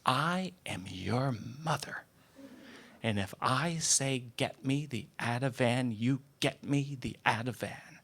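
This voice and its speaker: Scared sick mom whispering low and slow, a guy doing her. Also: steady tone, clear, resonant tone, close to an everyday voice. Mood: insistent. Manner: hushed, half-whispered, slow. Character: frightened bedridden middle-aged mother, insistent.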